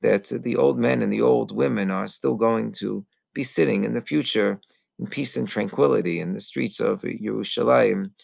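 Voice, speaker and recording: A man, a rabbi, giving an earnest teaching sermon, pausing often with fillers and mixing in Hebrew terms. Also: fairly low pitch, gravelly, a little mellow, husky, dry recording. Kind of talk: Tisha B'Av sermon.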